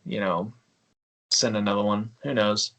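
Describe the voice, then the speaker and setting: A man's voice: fairly low pitch, fairly even intonation, unhurried, fairly bright tone. Laughing, storytelling man on a podcast. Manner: laughing, storytelling, acts out quoted voices. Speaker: podcast guest. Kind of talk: casual podcast chat.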